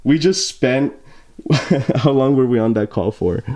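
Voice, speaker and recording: A man's voice: mid-range voice, expressive, unhurried, dark tone. A young man from the United States vlogging casually to camera, laughing and exasperated, rambling with fillers. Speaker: YouTuber. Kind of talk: casual vlog talk to camera.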